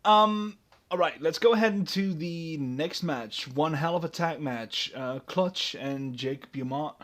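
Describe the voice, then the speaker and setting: A man's voice: fairly high pitch, measured pace, a bit bright. A man hosting a casual podcast chat, rambling with lots of fillers and restarts. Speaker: podcast host.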